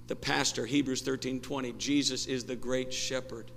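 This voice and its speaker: A man preaching a sermon as pastor, impassioned and rising to shouts, in a church sanctuary. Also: medium pitch, steady tone, normal speed, vocal fry. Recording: long church hall reverb, faint noise.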